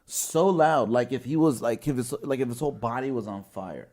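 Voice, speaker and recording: Speaking at normal speed with lively intonation, this man's mid-range voice sounds a little mellow. He hosts a podcast in a studio with guests, rambling through a long story, swearing a lot, and breaking into laughter mid-sentence; he's from Washington State, US.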